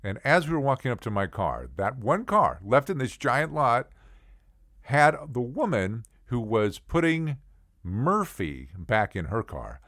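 A middle-aged man telling a personal story in a casual, chatty way, with asides to the listener and animated impressions of the people in it. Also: medium pitch, a little slow, dry recording, clean studio sound. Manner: animated, acts out the other people's voices. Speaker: podcast storyteller.

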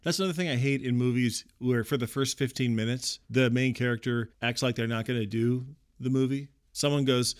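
A man's voice: medium pitch, fairly even intonation, a little fast, hardly any pauses. Exasperated ranting middle-aged man. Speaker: comedian. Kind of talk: comic monologue.

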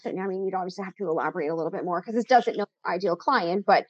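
A woman's voice: lowish voice, rapid-fire, no echo, dull audio. A woman speaking as a guest in a casual interview, chatty, upbeat and a little sassy. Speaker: podcast guest, content coach.

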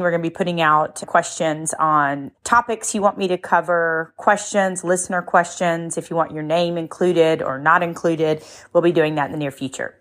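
A middle-aged woman hosting a motivational podcast, speaking earnestly and emotionally, moved to tears at times. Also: sits low. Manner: warm, emotional, earnest, cries easily. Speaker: podcast host.

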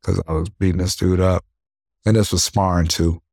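A young adult man, a professional boxer, telling stories from the ring in a relaxed interview, acting out punches with sound words. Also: low voice, moderate pace, vocal fry, no room sound, clean studio sound. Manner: animated storyteller, acts out punches with sound words; leans on "you know what I mean". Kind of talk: casual interview storytelling.

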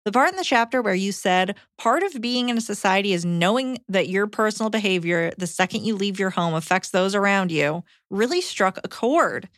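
A woman co-hosting a podcast, reading listener letters aloud in a brisk, blunt way. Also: mid-range voice, lively intonation, a bit bright, no room sound, clean studio sound.

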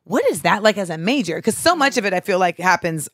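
A woman hosting a podcast, talking in a blunt, animated way and swearing freely. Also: mid-range voice, fast, dry recording, clean studio sound. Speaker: podcast host. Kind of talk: casual chat.

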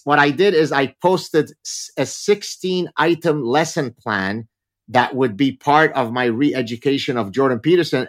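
A man's voice: medium pitch, fairly bright tone. A man speaking as a guest professor in a casual interview, telling stories with a wry, joking manner.

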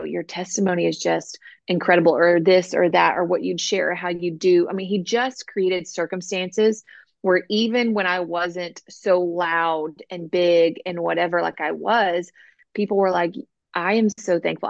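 A woman guest, an author and coach, telling her faith story in an earnest, animated way on a podcast interview. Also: lowish voice, creaky, no echo, dull audio.

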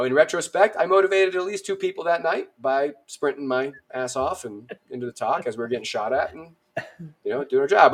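Guy on a podcast telling an army story, lively and jokey, lots of uhs. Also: medium pitch. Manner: animated, self-deprecating, many fillers. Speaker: podcast guest. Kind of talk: casual storytelling.

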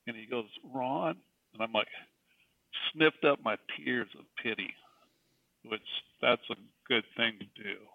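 A man's voice: medium pitch, dry recording. A middle-aged man, a guest telling a personal faith story in an earnest, emphatic way. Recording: distant, tinny phone-like sound.

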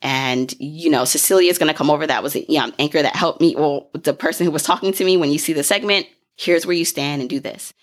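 Young woman, low voice, casual rambling storyteller, quick with fillers. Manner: chatty, fast-paced, fillers and self-corrections, laughs often.

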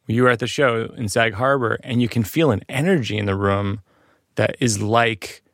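A man's voice: fairly low pitch, moderate pace, fairly bright tone, no echo, clean studio sound. A man, a comedian hosting a podcast, chatting casually and reacting eagerly with laughs. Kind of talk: casual chat.

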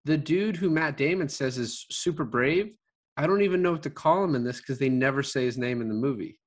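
A man in a relaxed movie review chat. He rambles, restarts his sentences and fills the gaps with ums and likes. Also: mid-range voice, fairly quick. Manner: rambling, many fillers and restarts, laughs often. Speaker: podcast co-host.

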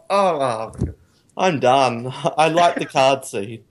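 A man's voice: medium pitch, slow. Rambling podcast man reviewing a film. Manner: rambling, laughing, animated when amused. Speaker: podcast co-host. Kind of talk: casual film review chat.

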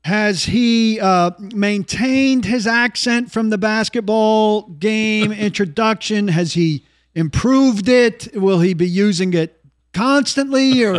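High, slow teasing male co-host. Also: dry recording, studio quality. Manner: teasing, laughs between questions. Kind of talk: sports talk banter.

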